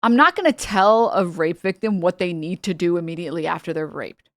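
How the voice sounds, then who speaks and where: A woman with a lowish, brisk voice rants heatedly at her chat during a casual reaction stream, swearing a lot and sounding exasperated. The recording is dry and of studio quality.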